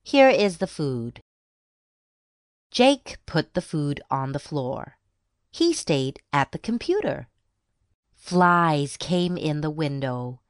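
Slow, expressive woman reading aloud. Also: low-pitched, smooth, no room sound, studio quality. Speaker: narrator. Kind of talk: children's storybook reading.

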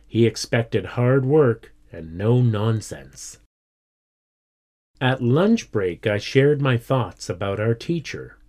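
A man reading a children's story aloud as narrator, deliberate and steady. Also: medium pitch. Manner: slow, deliberate. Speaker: reader.

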